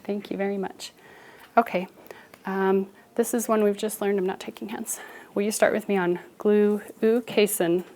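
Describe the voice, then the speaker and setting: A woman's voice: medium pitch, steady tone, moderate pace, a little mellow. A woman teaching a class, leading a phonics drill with firm, rhythmic call-outs and encouragement.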